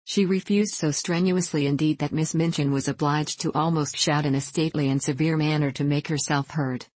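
A reader narrating a classic children's novel in a steady, measured way. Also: medium pitch, no echo. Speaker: audiobook reader. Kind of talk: scripted storybook narration.

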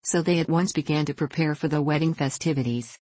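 A woman narrating a fairy tale in a measured, steady audiobook reading. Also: low voice, slightly rough, dry recording.

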